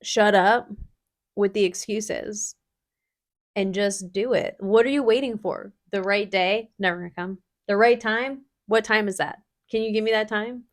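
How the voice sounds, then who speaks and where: A woman's voice: mid-range voice, a little slow. A woman co-hosts a casual podcast in a mid-range voice. She talks bluntly and animatedly, tossing in swear words as she pushes her point. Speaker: podcast co-host.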